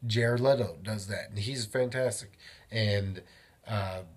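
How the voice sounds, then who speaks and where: A young man talking casually in his daily vlog, rambling and animated as he tells a story and often interrupts himself. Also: on the low side, takes it slowly. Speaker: vlogger.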